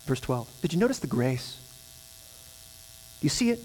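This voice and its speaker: A man's voice: fairly high pitch, very animated, moderate pace, darkish tone. A man preaching a sermon as pastor, building to emphatic, repeated phrases. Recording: hall reverb with mains hum.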